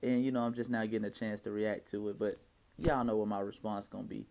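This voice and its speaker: A man's voice: on the low side, steady tone, fast, gravelly, darkish tone. A man with an Atlanta Southern accent giving impassioned, preachy reaction commentary in heavy slang. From Atlanta, Georgia. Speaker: vlogger.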